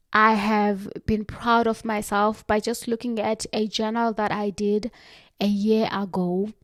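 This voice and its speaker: A woman giving a motivational self-help talk, earnest and direct, slowing down for firm emphasis. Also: medium pitch, no echo, clean studio sound.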